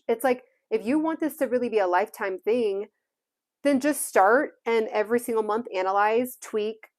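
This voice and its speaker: A woman's voice: on the high side, darkish tone. A young woman with a Californian Valley girl accent, chatting casually on a livestream and saying "like" constantly. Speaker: YouTuber livestreaming to viewers.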